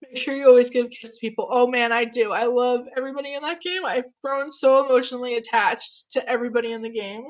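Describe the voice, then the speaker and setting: A woman's voice: a little high, steady tone, fast talker, hardly any pauses. A young woman in her twenties, getting over an illness, chatting casually on a live stream, gushing and reading out viewer comments.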